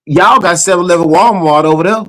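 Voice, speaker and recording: A Black man co-hosts a casual podcast, making his points with animated emphasis and rising into rants. His voice sits fairly high for a man, and his delivery stays loose and conversational. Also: quick pace, rough recording. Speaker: co-host.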